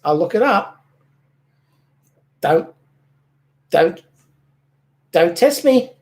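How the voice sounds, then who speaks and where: A man's voice: high voice, very animated, very slow. A middle-aged man hosting a casual live stream about model cars, joking and chuckling at himself. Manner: joking, chuckling, self-deprecating. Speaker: host of a model-car channel.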